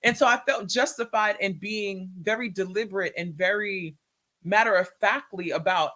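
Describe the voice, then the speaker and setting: A woman telling an emotional personal testimony in a conversation, animated and acting out the words in quotes. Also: mid-range voice, normal speed. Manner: animated, acts out her own and others' words in quotes. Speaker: guest sharing a testimony.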